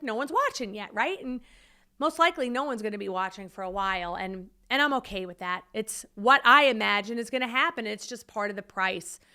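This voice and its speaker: A middle-aged woman hosting a podcast, telling a personal story in a lively, animated way, laughing now and then and acting out quotes with big jumps in pitch. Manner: laughs while telling, many "like" and "you know". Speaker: podcast host.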